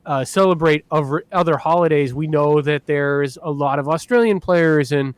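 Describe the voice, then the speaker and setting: A man's voice: fairly high pitch, moderate pace, smooth, dry recording. A man co-hosting a casual podcast, enthusiastic and rambling with lots of fillers. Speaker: podcast co-host.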